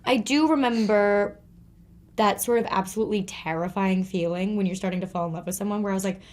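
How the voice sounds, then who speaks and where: A young woman, chatting casually as an interview guest, animated and quick to laugh. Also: medium pitch. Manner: animated, giggly, acts out quotes. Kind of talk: casual chat.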